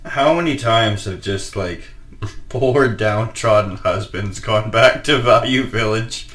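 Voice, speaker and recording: A man co-hosting a podcast, chiming in with quick reactions and teasing asides. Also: lowish voice, a bit bright. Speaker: podcast co-host. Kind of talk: casual chat.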